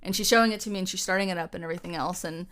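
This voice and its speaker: Woman podcast co-host, casual and animated, tells stories and does quick voices for the people in them. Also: fairly low pitch. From United States. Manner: animated storytelling, acts out quoted voices. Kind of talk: casual chat.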